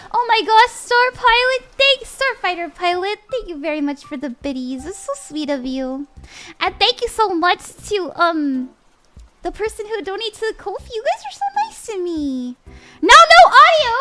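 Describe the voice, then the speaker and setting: A woman's voice: very high voice, background noise. A young woman reading tarot on a live stream in a bubbly, giggly put-on voice, often flustered and apologetic. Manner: bubbly, giggly, flustered while fixing audio.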